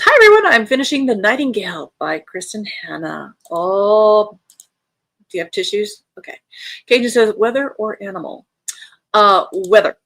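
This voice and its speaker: Woman, American accent, livestream host, casual chat, mid pitch, dry close sound. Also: dry recording. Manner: chatty, friendly, reads chat aloud with bright lifts. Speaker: livestream host of a reading sprint. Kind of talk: casual livestream chat, reading out viewer comments.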